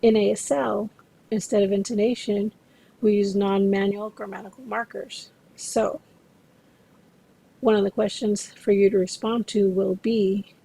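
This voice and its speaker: A woman instructor giving a recorded lecture to interpreting students, explaining in a measured way and speaking to them directly. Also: mid-range voice, flat delivery, vocal fry, warm tone, husky, low-quality recording.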